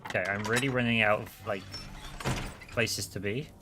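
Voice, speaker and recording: A man's voice: on the low side, fairly even intonation, normal speed, over music. A man giving casual commentary while playing a video game, chatting and swearing freely between puzzles. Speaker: game streamer.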